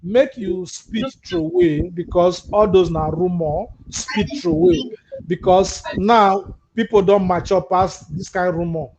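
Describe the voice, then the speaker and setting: Nigerian Pidgin-accented male host, high voice, mocking asides on a dull, slightly hissy line. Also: animated, a little slow, few pauses, crowd noise. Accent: Nigerian Pidgin English. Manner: mixes Pidgin and English, reads viewer comments aloud, mocking asides. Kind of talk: live call-in political talk show. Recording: muffled lo-fi audio with faint hiss.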